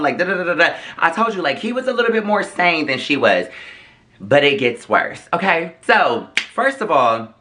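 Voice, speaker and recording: Sassy, bright-voiced male storyteller. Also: high voice, big pitch swings, normal speed. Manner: sassy, dramatic, chatty. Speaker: vlogger host. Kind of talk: casual storytime.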